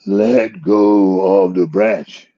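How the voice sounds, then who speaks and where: A man voicing God as a calm, unhurried voice that repeats one plain command. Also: mid-range voice, creaky, husky, dull audio, full character voice. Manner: slow, flat, repeating the same command.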